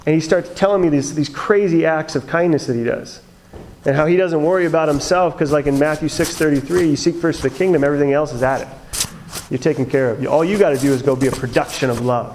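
A man telling his own testimony in a chatty, animated way, with many fillers and laughs. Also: on the high side, fairly quick, slight background noise, poor audio. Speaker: speaker sharing his testimony. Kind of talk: storytelling testimony talk.

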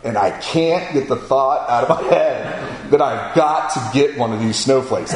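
A middle-aged man from Florida tells a personal story in a folksy, animated way, acting out quotes as he reminisces casually. His mid-range voice moves at a measured pace with hardly any pauses, recorded in an echoey room with faint ambient noise.

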